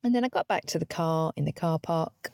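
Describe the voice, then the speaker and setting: A woman's voice: deep voice, brisk, vocal fry, darkish tone, smooth, no echo, studio quality. A woman in her forties with a British accent telling a wry, chatty story on her own podcast, swearing now and then and acting out the dialogue. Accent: British English. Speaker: podcast host. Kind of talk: casual solo podcast storytelling.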